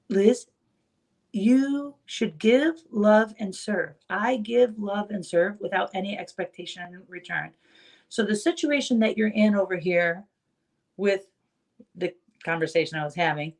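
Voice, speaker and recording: A woman chiropractor giving an earnest motivational talk to fellow chiropractors. She tells stories and repeats key phrases for emphasis. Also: a little high.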